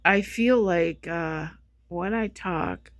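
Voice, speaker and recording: An exhausted, sleep-deprived vlogger rambles slowly through a casual monologue, circling back and repeating points. The voice drags with a gravelly fry and sounds close and dry, with no room around it. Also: medium pitch, no room sound. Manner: rambling, repetitive, restarting sentences. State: feeling sick.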